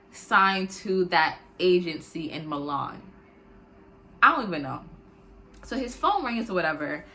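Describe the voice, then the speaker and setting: A young woman recounts a personal story in a bright, lively voice. She rambles casually, filling her talk with "like" and calling her viewers "y'all". Faint room ambience hums behind her. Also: mid-range voice, slight background noise. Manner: chatty, peppered with "like", talks to viewers as "y'all".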